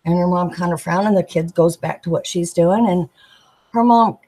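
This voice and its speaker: Woman, tarot artist guest, husky, lowish voice, lively anecdotal chat. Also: normal speed, low-quality recording. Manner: animated storyteller, giggly, acts out quoted voices. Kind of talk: casual storytelling chat.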